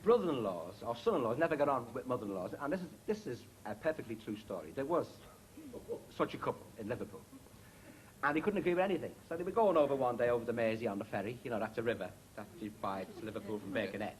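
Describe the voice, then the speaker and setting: Man, comedian, chatty, rambling joke, lively pitch, faint hiss. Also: fast, rough recording. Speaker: comedian panellist. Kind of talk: telling stand-up jokes.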